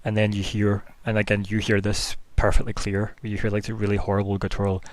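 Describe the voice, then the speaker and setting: A man's voice: fairly low pitch, monotone, fairly quick, no echo. A man narrating as game master of a tabletop game, rambling through scene descriptions with lots of fillers.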